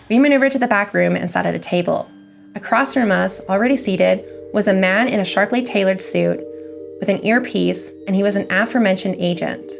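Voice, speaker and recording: A woman reading a scary story aloud as its narrator, in a measured, even storytelling manner. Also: medium pitch, vocal fry. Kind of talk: scripted horror story reading.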